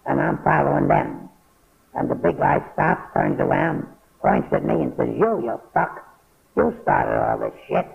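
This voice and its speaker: A man's voice: medium pitch, vocal fry. An older man from New York telling a blunt, profane story from his past in a casual, matter-of-fact way. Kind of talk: casual spoken memoir. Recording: phone-like narrow band.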